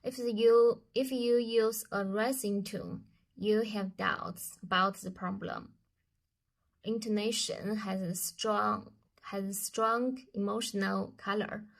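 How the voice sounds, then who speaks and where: Slow, careful Chinese-accented woman student. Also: mid-range voice, fairly even intonation, creaky. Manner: slow and careful, with hesitations and restarts. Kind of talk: answering course review questions aloud.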